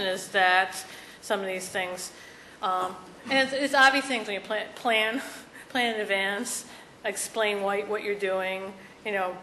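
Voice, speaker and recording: A woman giving a conference presentation, talking haltingly with many restarts and fillers. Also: mid-range voice, bright, forceful tone, slight background noise. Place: conference session room. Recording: echoey conference room.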